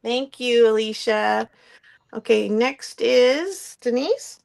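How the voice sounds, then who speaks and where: A woman's voice: fairly high pitch, takes it slowly, gravelly, a little mellow. A woman hosting a live craft-supply sale, chatting casually with ums and frequent laughs. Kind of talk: live-stream sales chat.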